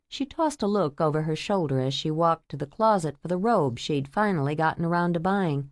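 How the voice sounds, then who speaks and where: A woman narrating a romance novel audiobook in a measured, intimate storytelling manner. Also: low-pitched, expressive, dry recording, clean studio sound.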